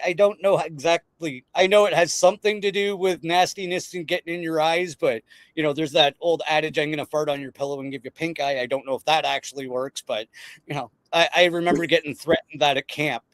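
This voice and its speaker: A man hosting a casual podcast chat, excitable and rambling, often breaking into laughter. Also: on the high side, fairly quick, no echo. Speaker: podcast host.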